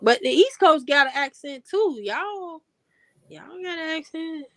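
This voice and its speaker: A woman's voice: high voice, expressive, unhurried, no echo, clean studio sound. A young woman hosting a casual chat, rambling and laughing often. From Chicago area. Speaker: host.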